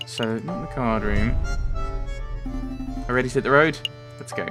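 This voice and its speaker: A man's voice: medium pitch, moderate pace, music in the background. A man hosting a let's play, thinking aloud casually with rambling asides. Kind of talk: casual gameplay commentary.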